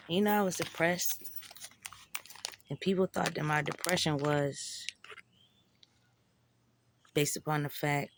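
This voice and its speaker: A woman's voice: low voice, takes it slowly, pauses often, slight background noise. A woman telling a personal story in a raw, profane, emotional way, with slangy, conversational speech.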